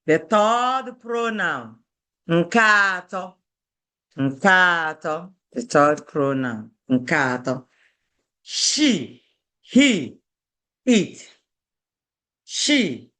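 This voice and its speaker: A woman with an Igbo accent teaching a language lesson, slowly repeating words for her students to learn. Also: mid-range voice, fairly bright tone. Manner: slow and deliberate, repeating words for drill. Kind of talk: slow classroom teaching.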